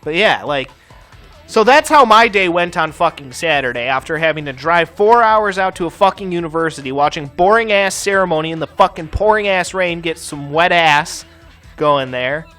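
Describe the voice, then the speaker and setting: A man with a slightly high, expressive voice and a sharp tone rants through a profanity-laced story while playing a game on his gaming channel. He talks at a normal speed, casually chatting, and faint music plays in the background.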